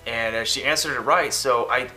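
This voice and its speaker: A man's voice: medium pitch, normal speed, pushed and bright, faint music behind. A man casually telling a rambling story to camera, often acting out the phone conversation he describes. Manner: rambling, quotes phone dialogue. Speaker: vlogger.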